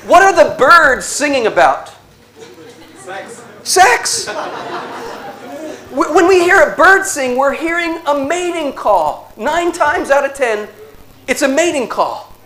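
A man giving an inspirational religious talk, telling stories slowly with dramatic pauses and a playful, animated delivery. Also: very high-pitched. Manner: slow dramatic storytelling with pauses. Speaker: Catholic speaker.

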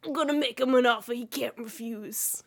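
Woman impersonating a grave old mafia boss, slow, deliberate, high light voice, little change from her own. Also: gravelly. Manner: slowed, deliberate, barely changed voice. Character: mafia don, older man, slow and grave.

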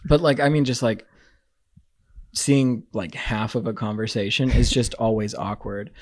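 A man chatting casually as a podcast co-host, wry and relaxed, wandering into loose asides. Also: medium pitch, unhurried, no echo, studio quality. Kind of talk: casual chat.

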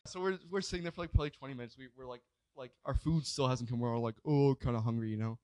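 A young man telling a story in casual chat, rambling, swearing freely and filling every pause with "like". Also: medium pitch, lively intonation, no echo. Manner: rambling, swears a lot, fills with "like".

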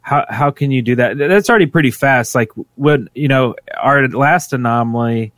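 A man co-hosting a podcast in casual chat, animated and laughing often. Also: normal speed, no room sound. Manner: animated, laughs often, sound effects like "boom". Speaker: podcast co-host.

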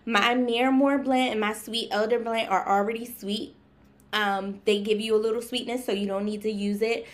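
High-pitched woman guest, halting and heartfelt, lots of um. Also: fairly even intonation. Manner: halting and earnest, many fillers; emotional and grateful. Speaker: guest, herbal tea maker. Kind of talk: casual interview chat. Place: live-streamed talk show.

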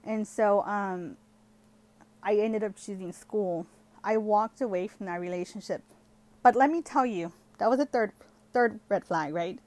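Young woman, casual storytelling, lots of "like", slips into Spanish, mid pitch. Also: a little slow, darkish tone. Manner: chatty, heavy use of "like", switches between English and Spanish.

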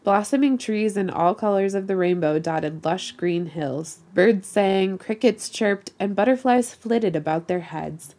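A woman hosting a podcast reads erotic fiction aloud, her voice sitting on the low side. She tells the story in an expressive, giggly way. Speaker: podcast host.

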